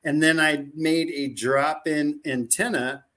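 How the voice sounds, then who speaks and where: A man as a podcast guest, rambling through animated anecdotes full of "like" and acted-out quoted dialogue. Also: on the high side, slow pace. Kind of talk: casual storytelling chat.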